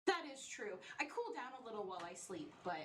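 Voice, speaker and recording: A woman's voice: medium pitch, sing-song, brisk, a bit bright. A woman playing a tabletop game, bubbly and playful, laughing often. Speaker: player. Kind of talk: casual tabletop play. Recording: distant mic with clear noise.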